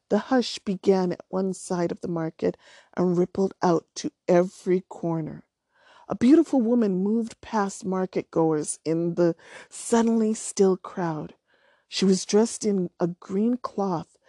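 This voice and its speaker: A woman reading a novel aloud chapter by chapter in a calm, measured way. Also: lowish voice, dry recording, clean studio sound. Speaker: storyteller.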